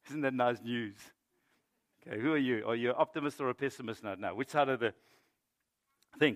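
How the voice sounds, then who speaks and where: A middle-aged male pastor giving a sermon, moving between loud emphatic preaching and quiet storytelling. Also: a little high, quick pace. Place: church.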